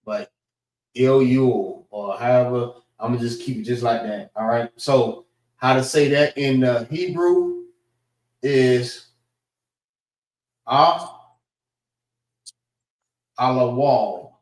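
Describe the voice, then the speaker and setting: A man teaching a class, slowly sounding out letters and checking in with the group as he goes. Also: medium pitch, steady tone, a little mellow, distant mic. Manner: slow and deliberate, sounding out letters, frequent "all right" checks. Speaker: class instructor. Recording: roomy echo.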